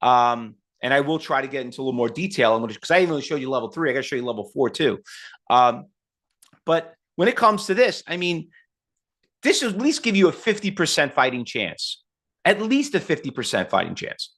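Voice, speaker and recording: A man in his fifties teaching trading in a live online seminar, blunt and full of rhetorical questions, pitching to his audience. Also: sing-song, brisk, a bit bright. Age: 50s. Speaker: trading instructor.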